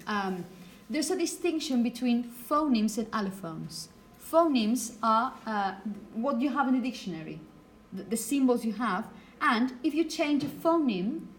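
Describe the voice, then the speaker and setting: A woman's voice: a little high, a little hiss or hum. A woman from Spain with a Spanish accent and Spanish as her first language, giving a phonetics lecture in a classroom and often checking in with "okay?". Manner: explanatory, frequent checking "okay?". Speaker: teacher.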